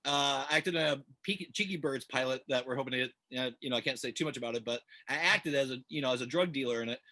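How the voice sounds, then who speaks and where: A man's voice: mid-range voice, fast talker, sharp tone. A man hosting a casual interview, chatty and meandering, who laughs easily. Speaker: interview host.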